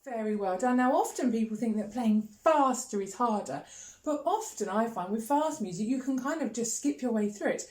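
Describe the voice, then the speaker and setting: A woman's voice: fairly high pitch, expressive, moderate pace, darkish tone. Female music teacher, upbeat and encouraging, counts in and chants rhythms; roomy echo. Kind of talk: children's music lesson. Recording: echoey room with faint noise.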